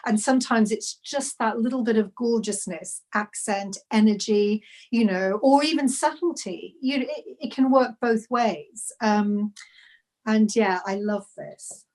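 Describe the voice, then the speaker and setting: A woman's voice: a little high, unhurried, a little mellow. A woman knitwear designer chatting on a video call, gushing and rambling with lots of restarts. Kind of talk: casual live video chat.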